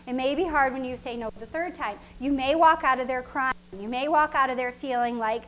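A woman's voice: high voice, brisk, few pauses, low-quality recording. A woman preaching a sermon in a casual, conversational way that repeats its points and breaks into laughter. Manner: conversational and repetitive, with frequent laughs.

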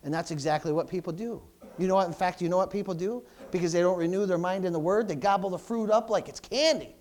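A man in his forties preaching a sermon to a congregation as pastor, animated and conversational, peppering his talk with praise interjections. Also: high voice, quick pace. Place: church before a congregation.

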